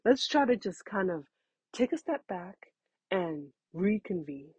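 A woman's voice: medium pitch, big pitch swings, a little slow, a little mellow, husky, no room sound, rough recording. A woman in her thirties giving frank, conversational parenting advice, calling the listener honey. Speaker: parenting talk host. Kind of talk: casual advice talk.

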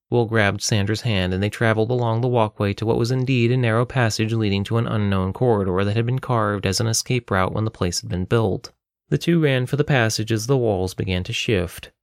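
A man reading an adventure story aloud in a steady, measured way. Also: on the low side, no room sound, studio quality. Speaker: narrator.

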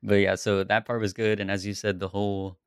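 Deep-voiced man in relaxed podcast chat. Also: fairly quick, clear, resonant tone, no room sound, clean studio sound. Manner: relaxed, laughs often, rambling. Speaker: podcast co-host. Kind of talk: casual chat about a TV series.

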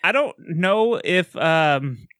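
Lively high-pitched man chatting. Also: drawn-out words, dry recording, studio quality. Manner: animated, laughing, frequent restarts. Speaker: podcast co-host. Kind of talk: casual movie-review chat.

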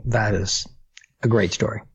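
Male guest, very raspy, lively intonation, muffled remote sound. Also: fairly low pitch, measured pace. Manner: short, surprised reactions. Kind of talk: casual chat.

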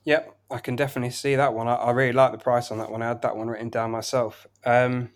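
A man runs through his football betting picks at a brisk clip, listing scores and odds in long, flowing runs. His voice sits at an ordinary middle pitch, and his delivery stays casual and conversational. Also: flat delivery. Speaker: betting podcast co-host. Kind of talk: casual betting tips chat.

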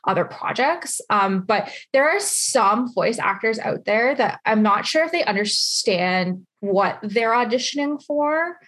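Husky-voiced chatty woman host. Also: on the high side, lively intonation, a little slow, few pauses, fairly bright tone. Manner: bubbly, rambling talk. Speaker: interviewer, podcast host. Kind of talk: casual interview chat.

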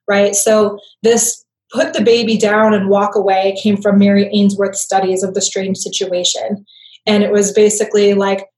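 A woman explains things conversationally as an interview guest, often tagging her points with "right?". Her voice sits at a medium pitch and has a roomy echo around it. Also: a little mellow. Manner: conversational, frequent tag "right?". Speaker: guest expert on attachment.

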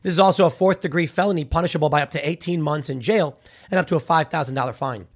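A man with a slightly high-pitched voice talks in casual opinion commentary. He is animated and argumentative, and he keeps dropping slang as he makes his case. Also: fast talker.

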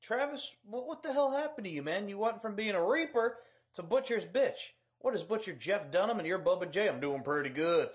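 A man's voice: high-pitched, animated, a little fast. A man cutting a crude, mocking wrestling trash-talk promo.

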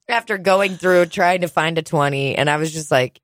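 A woman telling stories in casual chat, animated and swearing freely, often mimicking other people in a gruff low voice. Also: moderate pace, hardly any pauses.

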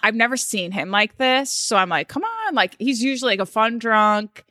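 A woman co-hosting a podcast, chatting casually and telling stories in an animated, chatty way. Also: on the high side, normal speed, no echo, studio quality. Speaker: podcast co-host. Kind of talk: casual chat.

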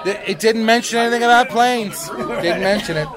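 A middle-aged man tells a story with lively relish, slipping into the voices of the people in it. his voice sits high for a man. loud bar chatter fills the background. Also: normal speed. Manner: animated storyteller, acts out voices. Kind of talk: casual banter. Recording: loud crowd chatter behind.

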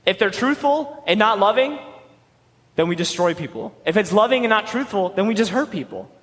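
A man's voice: high voice, sing-song, moderate pace, fairly bright tone, big-room sound, poor audio. A young man preaching a sermon in a conversational, emphatic way. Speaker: youth pastor.

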